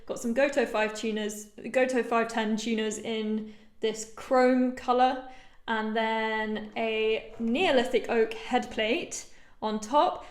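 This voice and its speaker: A woman guitar maker talks excitedly and pokes fun at herself. Her voice sits a little high. The room around her is echoey. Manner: bubbly, excitable and self-mocking. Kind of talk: casual show-and-tell vlog.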